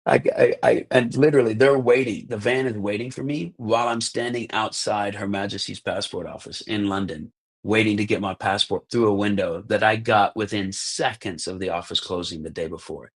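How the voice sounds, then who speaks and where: An American man in his thirties, a podcast guest telling casual stories, animated, acting out the lines of people in them and often saying "like" and "bro". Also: on the low side, slightly rough. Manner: animated, acts out quoted dialogue, says "like" and "bro" often. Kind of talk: casual storytelling.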